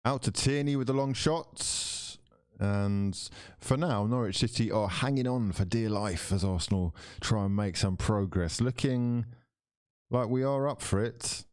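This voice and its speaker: A man doing live commentary for his football watchalong stream, switching between mock commentator patter and loud, excited outbursts. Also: lowish voice, measured pace, clear, resonant tone, no room sound, studio quality.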